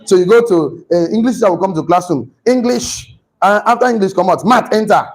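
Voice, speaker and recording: Man, lecturer, classroom talk, high voice, slightly husky, asks the room questions. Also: fairly quick, poor audio. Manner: animated, asks the class questions and repeats himself.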